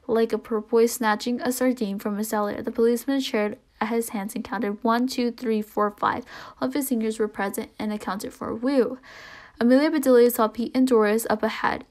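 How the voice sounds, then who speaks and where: Brief: woman, fairly high voice, expressive children's storybook read-aloud. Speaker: children's book reader.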